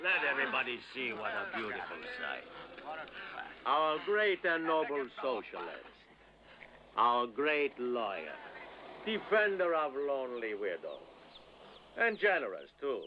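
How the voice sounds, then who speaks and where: A man's voice: mid-range voice, sing-song, normal speed, background noise. An actor playing a cruel male mob leader who mocks and taunts a captive before a crowd, in a 1970s film drama. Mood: jeering. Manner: mocking, taunting, shouting to a crowd. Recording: dull old film soundtrack with loud music.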